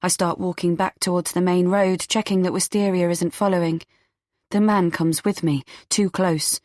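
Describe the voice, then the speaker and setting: A woman reading a first-person audiobook in a tense, measured storytelling manner. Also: fairly low pitch, fairly even intonation, darkish tone, no room sound, clean studio sound. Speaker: audiobook narrator.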